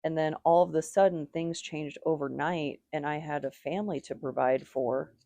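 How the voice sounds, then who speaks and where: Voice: medium pitch, steady tone, normal speed, creaky, dark tone, no room sound. A tarot reader giving a casual, rambling reading, with strong opinions and lots of "like" fillers.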